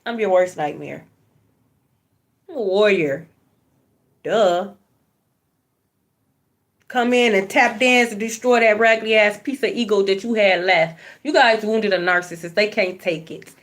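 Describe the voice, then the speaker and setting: A woman's voice: medium pitch, measured pace, long pauses. Blunt, preachy woman reading cards. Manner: repeats phrases for emphasis. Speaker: tarot card reader. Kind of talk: spiritual card reading monologue.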